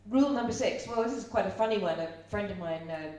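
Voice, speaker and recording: A middle-aged Irish woman gives a live seminar talk, chatty and full of stories, putting questions to the audience. Her medium-pitched, mellow voice is animated and fast. The room echoes, she is far from the mic, and a faint hum is audible.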